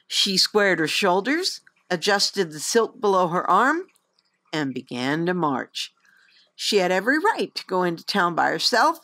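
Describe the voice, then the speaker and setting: A woman reading a fantasy novel aloud in an expressive, lively storybook narration. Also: mid-range voice. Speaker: audiobook reader.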